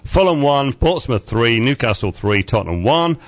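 A man's voice: mid-range voice, expressive, normal speed. A man hosting a radio show, reading a casual sports roundup with frequent fillers and chuckles. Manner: chatty, chuckling, lots of uhs while reading results.

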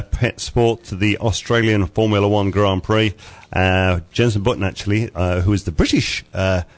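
Low-voiced chatty male radio host. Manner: chatty, chuckling, lots of uhs while reading results. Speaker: radio host reading sports news. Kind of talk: casual radio chat and news roundup.

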